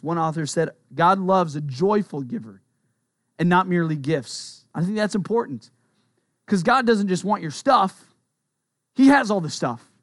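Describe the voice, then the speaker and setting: A man with a high voice preaches a sermon in an easy, conversational manner. He talks earnestly and tosses in quick asides. His voice sounds dry and close, with no room echo. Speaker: pastor.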